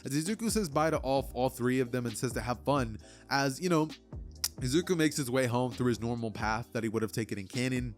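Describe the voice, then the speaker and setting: A man's voice: mid-range voice, fairly quick, soft background music. Chatty young man narrating a fan story. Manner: rambling, filler-heavy, chatty. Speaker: channel host narrator. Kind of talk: casual fan-fiction storytelling.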